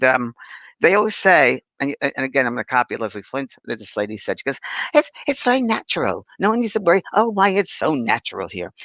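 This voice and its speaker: Chatty man w gravelly bright voice, really animated, dry close sound. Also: mid-range voice, no echo. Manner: animated storyteller, acts out voices. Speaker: spiritual medium. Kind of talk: casual chat.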